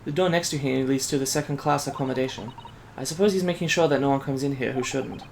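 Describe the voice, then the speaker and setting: A man voicing a quiet, formal young woman assistant. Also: mid-range voice, quick pace, gravelly, slight background noise, lightly acted. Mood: polite, composed.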